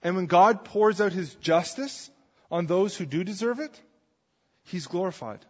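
Male preacher, conversational sermon, high voice, husky tone, echoing hall, dull lo-fi sound. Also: a little slow. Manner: conversational, asks the congregation "right?" often. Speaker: pastor.

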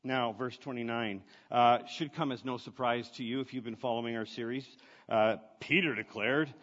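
A man's voice: medium pitch, fairly even intonation, normal speed, few pauses, a bit bright. A man preaching a sermon in a conversational, emphatic way, asking his listeners questions. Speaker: pastor. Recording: dull lo-fi sound with long reverb.

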